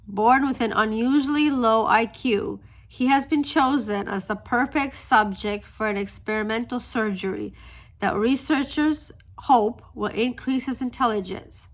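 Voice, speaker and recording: A woman, a book vlogger, gushing softly about a favorite novel while talking into a phone camera outdoors on a street. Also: a little high, a little slow. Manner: gushing, soft-spoken, restarts often. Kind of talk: casual vlog chat. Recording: faint street traffic noise.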